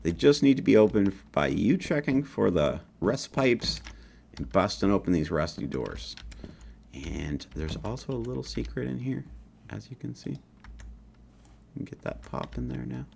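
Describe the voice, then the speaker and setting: A man's voice: lowish voice, big pitch swings, moderate pace, creaky, a little mellow, a little hiss or hum. A man from northern Canada with a slight northern Canadian accent, a game developer giving a casual, upbeat walkthrough of his game with folksy asides. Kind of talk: gameplay walkthrough commentary.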